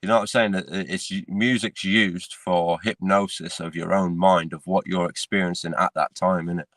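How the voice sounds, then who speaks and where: A very low-voiced man, talking easily on a casual podcast. He keeps it relaxed and scatters "mate" and "innit" through his sentences. The recording is close and dry, with no room sound. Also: moderate pace, no echo. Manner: laid-back, peppers speech with "mate" and "innit". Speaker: podcast co-host. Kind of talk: casual chat.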